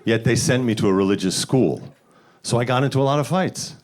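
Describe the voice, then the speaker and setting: A man from the Bronx doing a stand-up set, deadpan setups that jump to loud high voices for punchlines. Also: a little fast. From the Bronx, New York. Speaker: stand-up comedian. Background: audience laughter.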